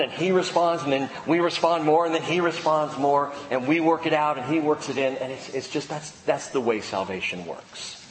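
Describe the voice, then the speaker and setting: A man preaching a sermon to a congregation, lively, stretching out key words for emphasis. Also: a little high. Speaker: pastor. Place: church sanctuary. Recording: long hall reverb, faint ambience.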